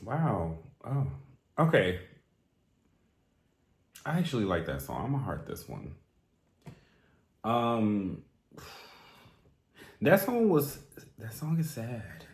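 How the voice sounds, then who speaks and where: A man hosting a music reaction, talking straight to the singer in a theatrical, animated way. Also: mid-range voice, slow pace, pauses often, roomy sound. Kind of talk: casual song reaction commentary.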